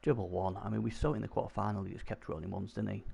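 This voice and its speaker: A low-pitched man gives live commentary on a video game stream, chatting to his viewers and getting excitable over the dice. His voice is gravelly and husky. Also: very fast. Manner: chatty, excitable, talks to chat.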